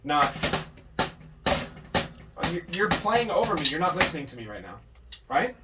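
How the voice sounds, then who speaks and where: A man's voice: on the high side, sing-song, normal speed, loud music behind the voice. A man teaching a private drum lesson, patient but firm, correcting his student and counting out beats. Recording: distant mic with drums in the room.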